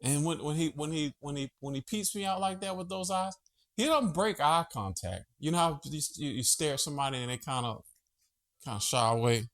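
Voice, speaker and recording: Animated rambling man vlogging from home. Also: a little high, brisk. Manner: rambling, chatty, profane, easily sidetracked. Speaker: vlogger host. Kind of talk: casual monologue vlog.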